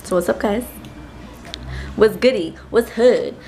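A woman's voice: medium pitch, a little slow, vocal fry, crowd noise. A woman, a mother chatting playfully in a daily vlog and dropping in Spanish phrases. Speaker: vlogger and mother. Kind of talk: casual daily vlog chat.

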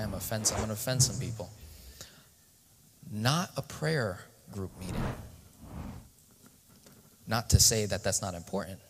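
Male guest preacher, slow pace, questions the crowd, recorded with long hall reverb. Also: on the low side, a bit bright. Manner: interactive, asks the audience questions. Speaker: guest speaker. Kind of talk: sermon-style teaching. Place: church stage.

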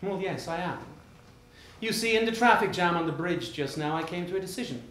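A man's voice: sits high, a little fast, a bit bright. An actor playing a cold, sarcastic middle-aged husband confronting his wife, with a clipped, formal and mocking delivery in a stage play. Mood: icy. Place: theater stage. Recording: roomy theater, faint noise.

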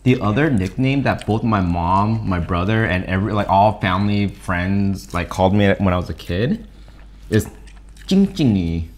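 A man's voice: fairly low pitch, normal speed. A young man co-hosting a mukbang, chatting casually and teasing himself playfully while eating. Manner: animated, playful and self-teasing. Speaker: co-host of a mukbang channel.

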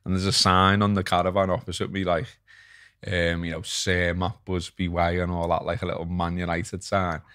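A man's voice: deep voice, completely flat delivery, normal speed, fairly bright tone, clear, resonant tone, no room sound, studio quality. A man in his forties with a Liverpool accent, co-hosting a podcast and telling stories in casual chat, often repeating his words. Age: 40s. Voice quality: chatty, repeats words, storytelling. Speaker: podcast co-host.

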